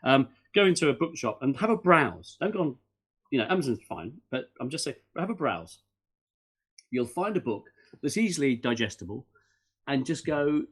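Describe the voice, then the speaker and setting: A middle-aged man, a podcast guest in casual interview chat who talks in animated, rambling bursts with many restarts and fillers. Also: mid-range voice, moderate pace, breathy edge.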